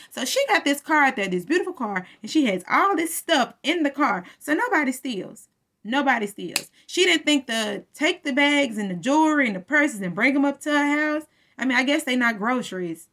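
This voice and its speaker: A woman's voice: high voice, a bit bright. Chatty woman recapping a show. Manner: chatty storytelling that acts out the characters' lines. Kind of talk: casual TV episode recap.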